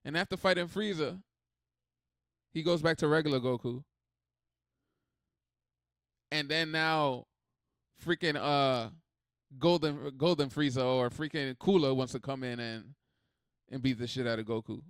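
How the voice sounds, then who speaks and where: A man hosting a reaction video, talking in a rambling, animated, swearing way. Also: medium pitch, a little slow, pauses often, dry recording, clean studio sound. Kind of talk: casual reaction commentary.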